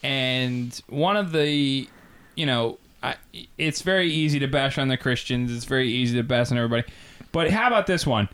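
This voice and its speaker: A man's voice: medium pitch, normal speed, fairly bright tone, clean tone. A man hosting a podcast in casual comedic chat, sardonic and mocking. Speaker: podcast host.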